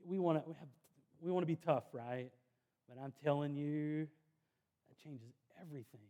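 A man's voice: fairly high pitch, dark tone. A man, preaching a sermon in an earnest, conversational way with self-deprecating asides. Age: 30s. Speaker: pastor.

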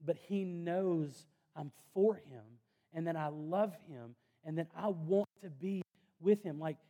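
Mellow-voiced pastor preaching. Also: male voice, fairly high pitch, a little slow. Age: 30s. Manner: earnest conversational preaching with self-deprecating asides. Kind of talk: sermon.

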